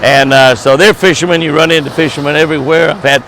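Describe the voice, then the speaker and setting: A man's voice: on the high side, steady tone, quick pace, a bit bright, a little hiss or hum. An older man, hosting a folksy, chatty outdoor video chat beside his truck. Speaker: host.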